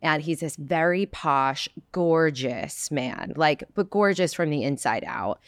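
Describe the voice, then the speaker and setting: Woman host, New Jersey accent, expressive, dry close mic. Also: low voice, unhurried, dry recording. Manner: expressive, draws out her words. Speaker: podcast host. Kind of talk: casual interview chat.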